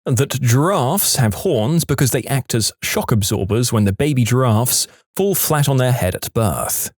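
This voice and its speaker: Lively man reading posts with wry asides. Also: medium pitch, measured pace, no echo, clean studio sound. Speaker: podcast host reading listener posts. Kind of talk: reading online posts aloud.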